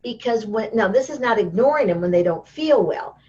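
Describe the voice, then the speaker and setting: A fairly high-voiced woman speaking as a guest in a casual interview. She tells her stories with energy and slips into the voices of the people she quotes. The sound is dull and lo-fi, as if it came over a video call. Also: fairly quick. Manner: lively storyteller who acts out quoted voices. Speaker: interview guest, healing teacher.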